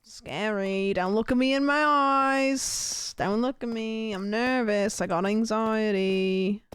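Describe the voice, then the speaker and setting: A woman's voice: fairly high pitch, steady tone, clear, resonant tone, no echo. Woman playing a nervous Enderman with mock Aussie twang. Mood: goofy nervous. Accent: mock Australian. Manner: slow, drawn-out, hammy delivery. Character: nervous lanky Enderman creature, jittery and shy. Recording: noisy game stream audio.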